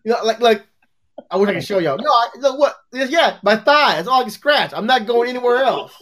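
A man's voice: very high voice, expressive, fairly quick, a bit bright. A man chatting casually, joking and laughing through stories about coworkers and family. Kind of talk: casual chat.

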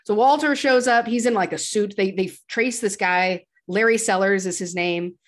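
A woman's voice: medium pitch, normal speed. A woman co-hosting a podcast, animatedly retelling a film's plot in casual conversation. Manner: animated, chatty retelling with laughs. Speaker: podcast co-host. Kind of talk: casual film recap.

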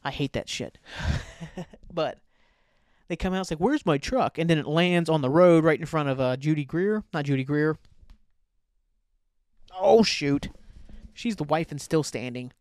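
A man's voice: fairly high pitch, measured pace, pauses often, darkish tone, clean tone, dry recording, studio quality. A man hosting a solo podcast, ranting about bad movies in a profane, sarcastic, rambling way. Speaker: podcast host. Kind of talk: casual solo movie rant.

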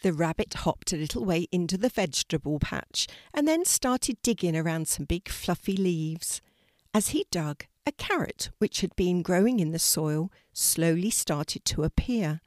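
An older woman narrating a children's story in a gentle, slow, soothing reading style. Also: on the low side, no echo, studio quality.

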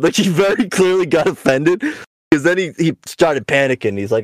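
A man's voice: fairly high pitch, expressive, brisk, no room sound. A young adult man hosting a podcast in casual chat, a profane, rambling storyteller who mocks and rants. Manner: mocking, ranting. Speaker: podcast host.

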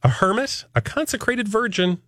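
A man's voice: sits high, big pitch swings, normal speed, a bit bright, no room sound. A man co-hosting a morning talk radio show, chatting and joking in a studio. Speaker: radio host. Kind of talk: casual radio chat.

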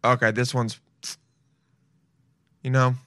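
A man's voice: mid-range voice, level tone, slow pace, pushed and bright, clear, resonant tone, no echo, clean studio sound. A young man streaming and reacting to videos in loose, swearing, self-mocking casual talk.

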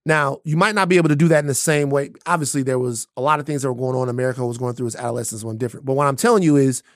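A man's voice: mid-range voice, fairly even intonation, rapid-fire, dry recording, clean studio sound. A man co-hosting a podcast, making his points emphatically and repeating lines for stress. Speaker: podcast co-host. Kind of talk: casual chat.

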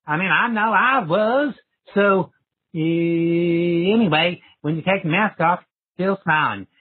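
Husky man on phone. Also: high voice. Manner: rambling, folksy, halting. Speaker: caller. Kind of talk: voicemail to a podcast. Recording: tinny phone line.

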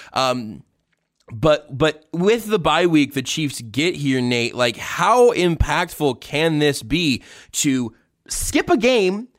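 A man with a somewhat high voice hosts a sports podcast and reads a sponsor ad his own way. He rambles and jokes, then trails off into awkward little asides before snapping back to the pitch. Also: no room sound, clean studio sound. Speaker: podcast host. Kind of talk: casual chat with a read-out sponsor ad.

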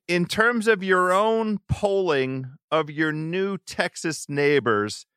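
High, bright-voiced male podcast host. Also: smooth, no room sound. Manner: animated, stumbles and repeats words. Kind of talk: casual podcast interview.

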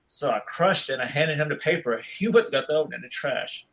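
A man's voice: a little high, lively intonation, brisk, vocal fry, fairly bright tone, poor audio. A man in his thirties telling a long school story in casual chat, rambling and laid-back, with "dude" in almost every sentence.

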